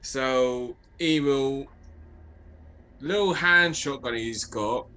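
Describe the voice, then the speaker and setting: Male player, slow and bright, hesitant. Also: medium pitch. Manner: hesitant, thinking aloud. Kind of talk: casual tabletop game chat.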